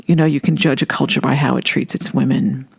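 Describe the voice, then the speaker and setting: A woman telling a personal story in an animated way, laughing often as she recalls a first meeting. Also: rumbling low, a little fast, vocal fry, breathy edge, no room sound, clean studio sound.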